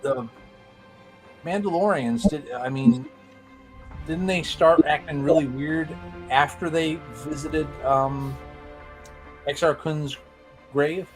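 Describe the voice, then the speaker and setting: A man's voice: on the high side, slow, pauses often, soft background music, low-quality recording. Man reasoning doubtfully through lore. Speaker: player. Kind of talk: casual tabletop play.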